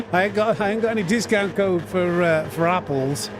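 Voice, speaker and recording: A man's voice: sits high, noisy background. A man chatting casually on a live sim racing stream, reading out viewer names and thanking them. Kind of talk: live gaming stream chat.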